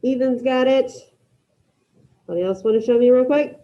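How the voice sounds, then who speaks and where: Teaching Spanish over a video call, a woman with a fairly high voice runs her online class in a brisk, encouraging way, repeatedly naming students as she reviews their work. The sound is dull and lo-fi, from a computer mic.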